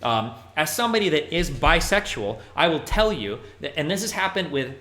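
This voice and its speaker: A man's voice: on the high side, big pitch swings, normal speed, fairly bright tone. A male streamer giving casual livestream commentary, talking bluntly and profanely in a rambling way with many fillers.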